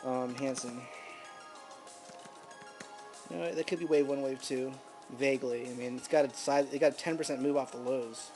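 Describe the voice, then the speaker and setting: A man in his thirties, a stock trader, giving casual commentary on charts, thinking aloud and murmuring ticker names between bursts of excitement. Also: medium pitch, brisk, faint music behind. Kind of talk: casual screen-recorded market commentary.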